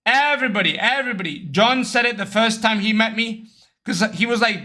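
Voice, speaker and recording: A young man streaming, chatting casually and telling animated stories with lots of swearing, raising his voice to act out other people. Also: high voice, brisk. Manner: animated storytelling, acts out others in raised voice, swears often. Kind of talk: casual livestream chat.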